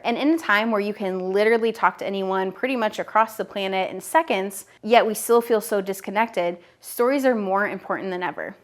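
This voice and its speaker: A woman in her thirties teaching business owners directly to camera, upbeat and direct, talking straight to the viewer. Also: mid-range voice. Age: 30s. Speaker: online business educator.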